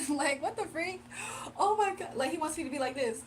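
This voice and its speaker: Woman w/ aave doing a chill livestream, high voice, laughs a lot, kinda far from mic w/ faint hum. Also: expressive, a little fast. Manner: chatty, laughs often, talks straight to chat. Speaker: livestream host. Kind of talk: casual livestream chat with viewers.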